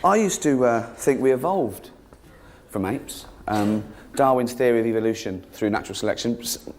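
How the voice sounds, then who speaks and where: Guy doing stand-up, sarcastic, voice jumps high and all over, noisy live room. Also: expressive, normal speed, darkish tone. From England. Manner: sardonic, mocking, rising to high-pitched exasperation. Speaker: stand-up comedian. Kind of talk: stand-up routine. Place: theatre stage with live audience.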